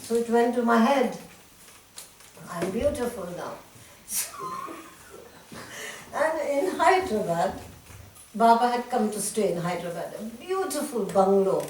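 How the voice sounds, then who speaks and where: Older woman, animated storyteller, recorded far off in a roomy hall. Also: mid-range voice. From India. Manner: animated storyteller, laughs often, lively retelling. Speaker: interviewee telling memories. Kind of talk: reminiscing conversation. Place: talk room at a centre. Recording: echoey room, distant mic, faint hiss.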